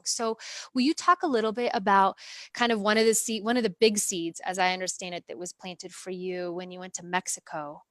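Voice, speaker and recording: A woman's voice: on the low side, fairly bright tone, no room sound. A woman hosting a conversational interview, earnest and searching for her words as she goes. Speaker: interview host.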